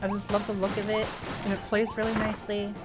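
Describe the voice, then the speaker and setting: A woman's voice: mid-range voice, completely flat delivery, fast talker. A woman streamer in casual chat, rambling and sentimental, with lots of fillers. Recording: music playing behind.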